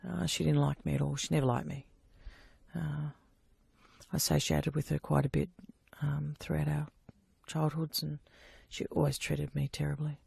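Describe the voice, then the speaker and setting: A woman recounting personal testimony in a halting way, with frequent fillers and restarts. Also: low-pitched, little pitch movement, vocal fry, darkish tone, slightly rough, no echo. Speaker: abuse survivor giving testimony.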